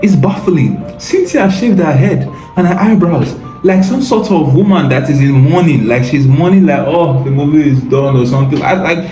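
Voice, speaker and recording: A man's voice: a little high, animated, moderate pace, few pauses, dark tone, roomy sound, faint music behind, poor audio. A man hosting a casual reaction commentary, mocking and exasperated, laughing often and calling the listener bro. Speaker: commentary video host.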